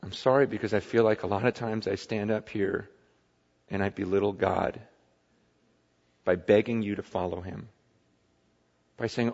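A man pastor preaching a sermon with impassioned swings between loud pleading and hushed confession. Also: mid-range voice, expressive, moderate pace, in a large hall, dull audio.

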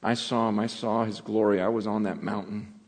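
Preacher voicing an earnest apostle Peter. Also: male voice, fairly low pitch, little pitch movement, a little fast, breathy edge, big-room sound, pitched below the performer's own voice. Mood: solemn. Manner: casual, insistent retelling. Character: apostle Peter, earnest man, older, insistent.

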